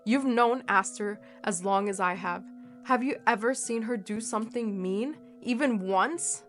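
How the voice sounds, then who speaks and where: A woman's voice: medium pitch, a little slow, a bit bright, soft background music, close to an everyday voice. A woman voicing a firm young group leader who speaks with command and scolds a friend. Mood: firm, scolding.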